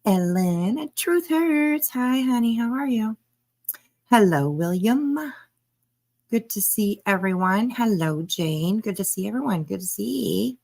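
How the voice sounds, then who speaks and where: A woman hosting a live stream, a little hoarse, chatting casually and greeting viewers by name with frequent laughs. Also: mid-range voice, animated, takes it slowly, darkish tone. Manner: chatty, laughs often, reads chat names aloud. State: hoarse, throat tickle.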